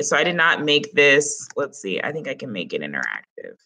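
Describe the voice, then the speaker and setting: A woman's voice: a bass voice, wildly swooping pitch, brisk, vocal fry, sharp tone. A woman teaching Spanish grammar in an online class, explaining it step by step in a casual way.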